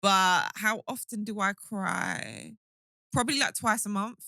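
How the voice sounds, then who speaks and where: A woman's voice: medium pitch, measured pace, vocal fry, no echo, studio quality. A young woman co-hosting a podcast, chatting casually and playfully with frequent laughter. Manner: animated, laughs often, playful. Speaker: podcast co-host. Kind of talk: casual chat.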